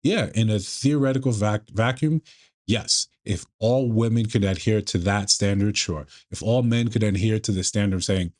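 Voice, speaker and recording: Male commentator, low register, lecturing, restarts mid-sentence. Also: darkish tone. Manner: measured, lecturing, with frequent restarts. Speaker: commentator reacting to a clip. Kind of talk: casual commentary.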